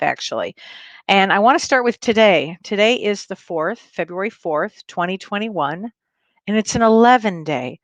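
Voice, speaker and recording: A woman's voice: medium pitch, no echo. A woman hosting a casual livestream as a spiritual medium from home. She talks in a bubbly, effusive way and laughs often.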